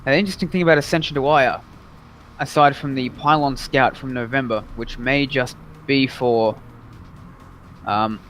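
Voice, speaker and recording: A man giving energetic play-by-play commentary on a live esports match as a caster. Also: medium pitch, normal speed, a little hiss or hum. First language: English. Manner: energetic play-by-play, excited at big moments.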